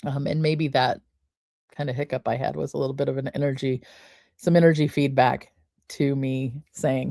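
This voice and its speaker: A woman podcast host talking listeners through a breathing exercise in a slow, soothing way, counting the breaths aloud. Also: extremely low pitch, fairly even intonation, creaky, mellow, no room sound, studio quality. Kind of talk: guided breathing and wellness talk.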